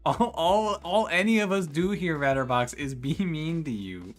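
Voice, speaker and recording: A man's voice: a little high, moderate pace. A man casually chatting with his stream chat while playing a strategy game, swearing freely and laughing as he talks. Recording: faint music behind the voice.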